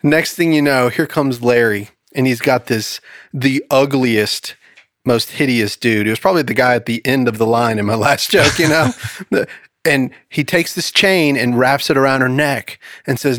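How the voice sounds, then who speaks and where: A man's voice: mid-range voice, normal speed, fairly bright tone, dry recording, studio quality. A man hosting a casual podcast, playful and joking, telling a long joke. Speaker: podcast host. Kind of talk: casual chat, telling jokes.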